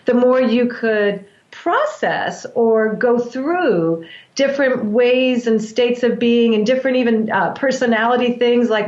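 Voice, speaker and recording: A woman who works as a breathwork practitioner, explaining in a calm, measured way with frequent restarts. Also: a little high, echoey room, muffled recording. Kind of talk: explanatory interview talk.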